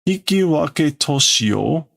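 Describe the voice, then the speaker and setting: A man reading a proud male battle robot's lines from a manga, slowly and haltingly. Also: on the high side, expressive, gravelly, fairly bright tone, voice pushed up, full character voice. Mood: stern.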